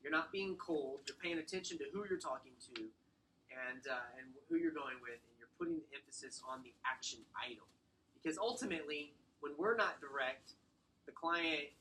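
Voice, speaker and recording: A man's voice: fairly high pitch, pushed and bright, slight background noise. A man leading a sales training workshop, coaching the group in a direct, upbeat way. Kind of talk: workshop teaching.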